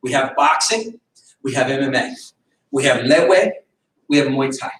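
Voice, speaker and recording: A male martial arts instructor teaching a self-defense class, animated, acting out fight scenarios with sudden shouts. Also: mid-range voice, unhurried. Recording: echoey room from far off.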